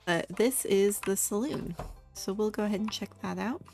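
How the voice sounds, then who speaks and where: A young woman giving relaxed, chatty commentary while playing a farming game. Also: mid-range voice, normal speed, soft background music. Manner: relaxed, chatty, giggly asides. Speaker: gaming video host. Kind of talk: casual gameplay commentary.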